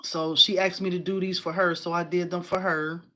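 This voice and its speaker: A woman in her forties hosting a casual crafting livestream, chatty and animated, talking to viewers and reading their comments. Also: fairly low pitch, moderate pace. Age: 40s. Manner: chatty and animated, addresses viewers as y'all, laughs often.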